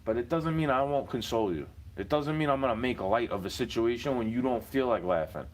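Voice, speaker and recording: A man's voice: medium pitch, lively intonation, fairly quick. A man, rambling in a profane casual monologue full of street slang.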